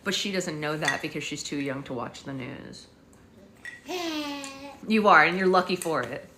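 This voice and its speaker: A woman's voice: low-pitched, moderate pace, background noise. A young woman hosting a casual live stream at home, rambling to her viewers and slipping into sing-song baby talk with her daughter. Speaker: live-stream host and mother.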